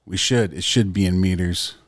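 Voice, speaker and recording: Man, podcast co-host, joking and cursing, lowish voice, dry close mic. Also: moderate pace, dry recording. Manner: joking, profane, rambling. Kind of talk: casual comedic chat.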